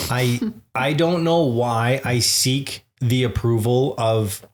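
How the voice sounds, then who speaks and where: A man's voice: medium pitch, slow pace, a little hiss or hum. Man, podcast co-host, casual chat, joking, laughs a lot. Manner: laid-back, jokey, laughs often.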